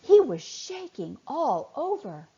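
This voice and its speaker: A woman softly and expressively reading a bedtime story to children. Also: sits high, very animated, slow. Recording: dull lo-fi recording.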